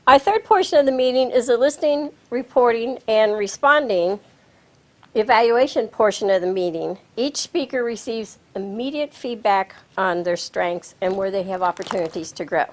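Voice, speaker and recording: A woman with a Midwestern American accent hosts a club meeting from a studio lectern. Her voice sits fairly high, and her delivery is measured and instructive. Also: expressive, rough recording. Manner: measured, instructive, announcing guests with rising emphasis. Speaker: Toastmaster of the meeting. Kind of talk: presiding over a club meeting. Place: small TV studio with audience. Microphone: lectern microphone.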